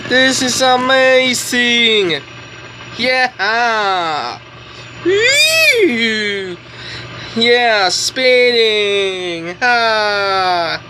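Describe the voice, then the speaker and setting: A woman reviews a toy in a home vlog, gushing and giggling and repeating the same exclamations again and again. She speaks very slowly and sits a little higher than most women. A faint engine hum runs underneath. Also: very animated.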